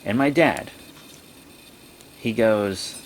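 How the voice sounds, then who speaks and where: A young man vlogging, telling a rambling story in a casual way and breaking into high, excited exclamations. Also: extremely slow, creaky, slight background noise.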